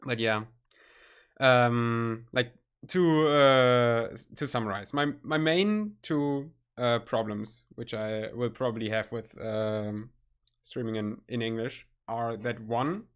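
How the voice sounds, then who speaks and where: German guy streaming in english, thick german accent, halting, keeps hunting for words, mid pitch. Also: fairly bright tone, clear, resonant tone. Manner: halting, searching for words, nervous self-conscious laughs. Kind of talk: casual stream chat.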